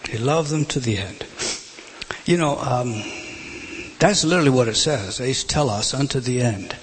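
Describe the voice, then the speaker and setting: A man preaching a sermon, moving between a spoken delivery and dramatic drops to a hushed whisper. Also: mid-range voice, moderate pace, a little hiss or hum, rough recording.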